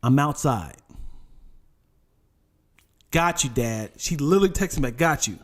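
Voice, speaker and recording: A man's voice: medium pitch, unhurried. A middle-aged man and father co-hosting a podcast, telling a story in casual chat and acting out the voices in it. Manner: animated storyteller who acts out quoted dialogue. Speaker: podcast co-host.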